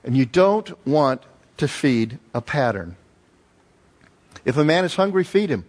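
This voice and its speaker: A man preaching a sermon as pastor, telling stories with lively emphasis and repeated phrases. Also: fairly high pitch, a little slow. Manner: animated storytelling with emphatic repetition.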